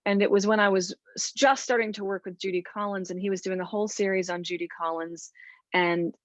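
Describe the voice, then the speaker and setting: A woman's voice: mid-range voice, fairly even intonation, brisk. A middle-aged woman musician in a mid-range voice talks chattily on a panel, often restarting her sentences. The sound is dry and a little dull, with no room echo. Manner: chatty, with many restarts and fillers. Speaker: folk musician guest. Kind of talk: casual panel talk.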